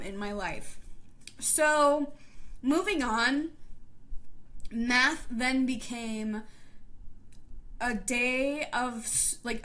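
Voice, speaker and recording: A woman in her twenties speaks in a slightly high, bright voice with a tense edge. She is a teacher sharing a painful memory in a personal vlog, and she sounds emotional, close to tears. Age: 20s. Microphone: live stream camera.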